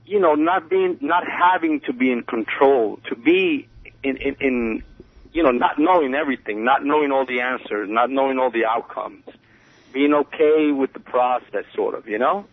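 A man calling in to a radio show, speaking hesitantly with many pauses and restarts as he confides. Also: medium pitch, no room sound. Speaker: radio caller. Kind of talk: phone-in conversation. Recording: tinny phone line on radio.

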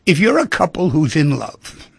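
This radio talk-show host, a middle-aged man, gives a reflective monologue on relationships, chatting casually and performing the voices of people he quotes. He speaks at normal speed in a slightly high, sing-song voice with vocal fry and a breathy edge, recorded dry.

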